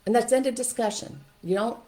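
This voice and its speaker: An older woman, a grandmother, giving firm parenting advice in an animated way and acting out what parents and children say. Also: fairly high pitch, fairly quick. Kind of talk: instructional talk to camera.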